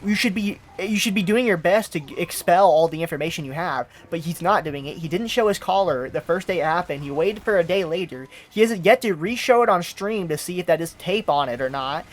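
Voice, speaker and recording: High-voiced exasperated male commentator. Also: animated, fairly quick, few pauses. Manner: exasperated, mocking, says "bro" a lot. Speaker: commentary host. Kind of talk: reaction commentary.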